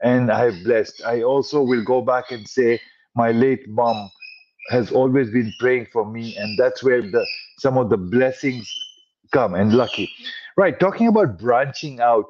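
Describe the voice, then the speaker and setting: A man's voice: mid-range voice, a little slow, darkish tone, a little hiss or hum. Middle-aged male guest, medium voice, earnest and driven storyteller, slightly muffled recording. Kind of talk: telling his life story in an interview.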